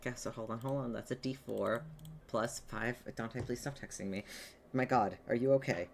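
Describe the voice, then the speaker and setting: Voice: mid-range voice, steady tone, normal speed, creaky, slight background noise. A player in casual chat at a tabletop game, swearing and laughing easily.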